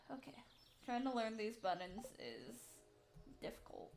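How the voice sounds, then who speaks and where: A woman's voice: a little high, very animated, slow pace, gravelly, faint music behind. A woman streamer chatting casually and rambling to herself while playing a game at home. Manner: rambling, chatty, self-talk between game actions. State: out of breath.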